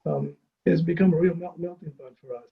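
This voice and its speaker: A man on a discussion panel, explaining language habits in a halting way with many fillers. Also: fairly high pitch, creaky, narrow, tinny audio. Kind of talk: casual discussion.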